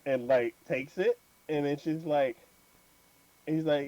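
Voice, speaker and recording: A man's voice: fairly high pitch, moderate pace, no room sound, dull audio. A man hosting an anime podcast, retelling an episode in casual chat with lots of fillers and laughter. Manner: animated storytelling with many fillers and laughs.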